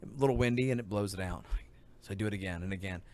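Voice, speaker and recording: A man hosting a podcast, telling funny stories in an animated, laughing way. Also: on the low side, rapid-fire, a little hiss or hum. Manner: animated storyteller, bursts of laughter. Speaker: podcast host. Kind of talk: casual chat, storytelling.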